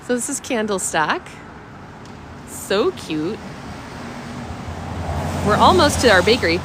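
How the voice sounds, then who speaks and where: Taking it slowly, a woman speaks in a sing-song, mid-range voice over a noisy background. She hosts a walking-tour livestream on a village street outdoors, bubbly and chatting with viewers' comments, a bit sniffly from a cold.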